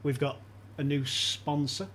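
Unhurried and fairly high-pitched, a podcast guest recounts a casual anecdote, performing the quoted lines and laughing as he tells it. There's slight background noise.

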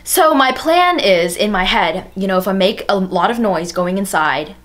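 A woman's voice: mid-range voice, expressive, normal speed, a bit bright. A young woman telling a personal story in a casual vlog, chatty and full of "like.". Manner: chatty, fillers of "like" throughout. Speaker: storytime vlogger.

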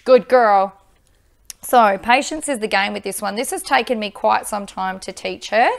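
An upbeat woman, teaching dog training and giving loud bursts of praise into a microphone. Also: mid-range voice, normal speed, vocal fry. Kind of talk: instructional video with live dog training.

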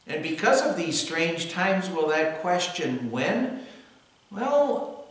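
A man giving a devotional talk as a pastor, unhurried and earnest, often pausing on "well". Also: on the high side, very animated, fairly bright tone. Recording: echoey room, voice from a distance.

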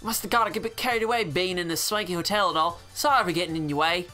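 A man's voice: high-pitched, fast talker, pushed and bright, soft background music. A man voicing a rowdy young hooligan gang grunt from a game, in a put-on British accent, brash and taunting. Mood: cocky.

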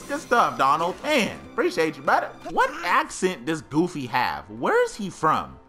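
Man shouting through gameplay commentary. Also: fairly high pitch, huge pitch swings, moderate pace, few pauses. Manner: loud outbursts, slangy, trash-talking the game. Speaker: gaming YouTuber. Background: game music.

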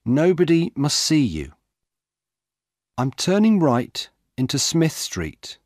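A man voicing a steady young policewoman. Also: a little high, takes it slowly, no room sound, studio quality, voice pushed up, full character voice. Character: female undercover police officer, young, calm.

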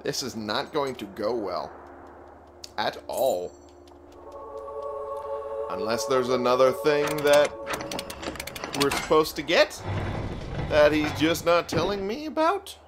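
A man's voice: mid-range voice, expressive, takes it slowly, long pauses. A man giving casual, grumbling gameplay commentary, sleepy and yawning now and then, swearing at the game. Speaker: let's play gamer. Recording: clear background noise.

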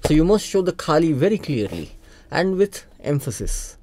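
A man with an Indian accent, calmly and methodically explaining tabla technique in a music lesson, repeating the key points. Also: a little high, moderate pace. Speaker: tabla teacher. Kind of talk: instructional explanation. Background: tabla playing.

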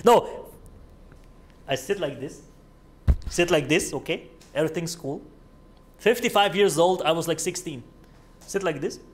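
A man's voice: fairly high pitch, moderate pace, pauses often, a little hiss or hum. Profane young man telling a story on stream. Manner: profane, animated, rambling anecdote with laughs. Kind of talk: casual gaming stream storytelling.

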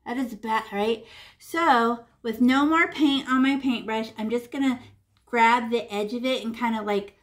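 Lady art teacher, kinda high voice, chatty and bouncy, makes little zip zip and la la noises while painting. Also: unhurried. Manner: chatty and animated, narrates brushstrokes with sound effects and sing-song la-las. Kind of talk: playful painting lesson for children.

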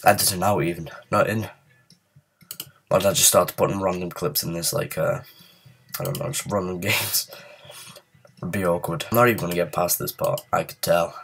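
A man with a very deep, low voice narrates his gameplay as a let's play, sounding ill and growing frustrated. He mutters and swears at the game between comments, with a faint hiss behind him. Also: fairly even intonation, moderate pace, creaky, pauses often, fairly bright tone. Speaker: gaming channel host.

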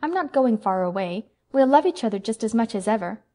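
A woman voicing a gentle, devoted young woman in an audiobook, speaking in an earnest, reassuring way. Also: on the high side, lively intonation, brisk, lightly acted. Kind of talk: audiobook character voice.

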